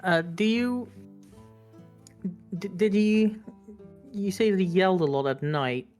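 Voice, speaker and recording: A woman playing a tabletop game, polite and halting when she talks in character. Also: mid-range voice, a little mellow, faint music behind. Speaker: player.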